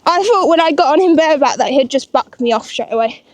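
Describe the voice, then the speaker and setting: A woman's voice: sits high, animated, fast talker, slight background noise. A woman in casual vlog chat about her ponies, chatty and giggling nervously as she rides. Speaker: pony owner vlogging her yard. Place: outdoor yard and riding pen.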